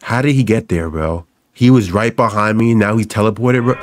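A man's voice: fairly low pitch, moderate pace, no room sound. A young man giving let's play commentary on a horror game, jumpy and swearing, repeating his phrases over and over as he panics and jokes. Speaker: gaming YouTuber.

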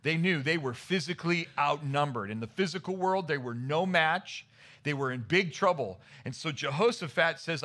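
A male pastor preaching a sermon, retelling scripture stories with animated acted-out voices. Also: on the high side, normal speed. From United States. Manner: animated storytelling, acting out the Bible characters' voices.

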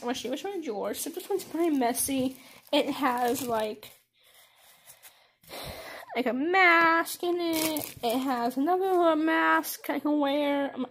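A woman's voice: sits high, a little hiss or hum. A teenage girl giving a casual tour of her bedroom, rambling with lots of fillers and restarts, recorded on a handheld phone camera. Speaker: vlogger.

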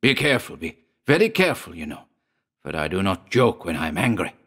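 A man's voice: sits low, big pitch swings, a little fast, fairly bright tone, slightly rough, heavily acted. A man voicing an angry, domineering village doctor who hectors and commands in a storybook reading.

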